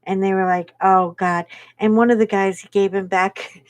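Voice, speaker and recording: A woman hosting a relaxed live stream, spinning a childhood yarn with lively turns and little voices for the people she quotes. Her voice sits at an ordinary middle pitch. The sound is close and dry, with no room around it. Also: fairly quick, dry recording. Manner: lively anecdote-telling, acting out quoted people. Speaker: livestream host. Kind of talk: casual storytelling chat.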